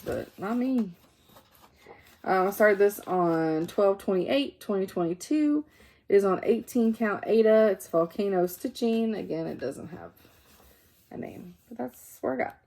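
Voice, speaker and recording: A tired, yawning woman chats casually while showing her cross-stitch works in progress, rambling with fillers and correcting herself. Her voice is medium-pitched and warm, with a measured pace. It's a vlogger's relaxed show-and-tell.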